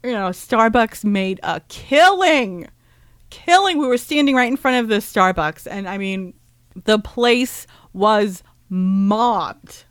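A woman casually recapping a rally in a chatty, animated way, full of "like" and "um" fillers, blunt and sometimes profane. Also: medium pitch, takes it slowly, clean tone, no echo. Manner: blunt and profane, with bursts of laughter. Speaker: vlogger recounting a protest rally.

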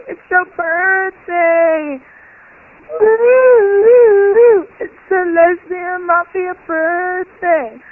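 Rowdy woman on a voicemail. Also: very high voice. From Huntsville, Alabama. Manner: whooping, rowdy, slangy. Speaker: caller leaving a voicemail. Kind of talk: excited voicemail message. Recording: tinny phone voicemail.

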